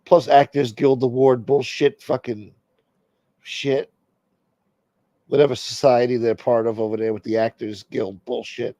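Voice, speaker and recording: A man's voice: medium pitch, level tone, measured pace, mellow, no room sound. A man hosting a talk stream, delivering a brash, profane comedic rant. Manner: brash, ranting, heavy swearing. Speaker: host.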